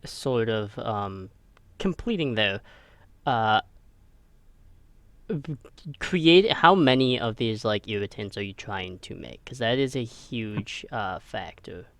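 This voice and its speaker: A man running a tabletop game over a voice call, narrating hesitantly with many pauses and fillers. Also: fairly low pitch, lively intonation, a bit bright, dry recording. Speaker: game master. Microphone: home mic over a voice call.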